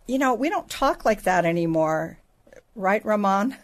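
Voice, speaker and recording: A woman's voice: mid-range voice, expressive, measured pace. A middle-aged woman teaching the Bible on a faith podcast, in a conversational way with asides and restarts.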